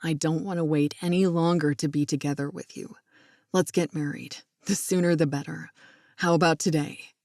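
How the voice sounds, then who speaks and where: A woman voicing a smitten grown man in a romance audiobook, speaking low, soft and affectionate. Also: steady tone, moderate pace, no room sound, studio quality. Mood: playful. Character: smitten man in his thirties, tender, playful.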